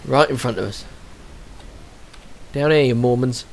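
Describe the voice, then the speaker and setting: A man's voice: medium pitch, measured pace, gravelly, a little hiss or hum. A young man from England giving casual commentary while playing a game, muttering wry asides and swearing. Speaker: gaming streamer.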